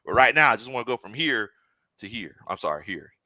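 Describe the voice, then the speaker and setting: A man with a mid-pitched voice and a very bright, sharp edge that rises and falls a lot while he spins stories about football. His delivery sounds loose and playful. The mic is close and dry. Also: sing-song, fairly quick, no room sound. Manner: storytelling, drops low for punchlines, loud laughs. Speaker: sports podcast co-host. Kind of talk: casual sports chat.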